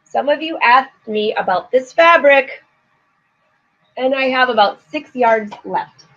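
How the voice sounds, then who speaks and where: A woman's voice: high-pitched, slow pace, fairly bright tone. A middle-aged woman hosting a live sewing show, chatting casually with viewers, laughing often and reading out their comments. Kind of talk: casual live-stream chat. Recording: slightly dull lo-fi stream audio.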